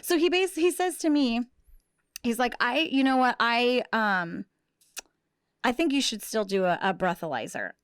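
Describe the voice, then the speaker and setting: A woman's voice: on the high side, normal speed, clear, resonant tone, no echo, studio quality. A middle-aged woman hosting a podcast, telling a story in casual, profane chat and acting out the people she quotes. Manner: profane, animated, acts out quotes. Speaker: podcast host.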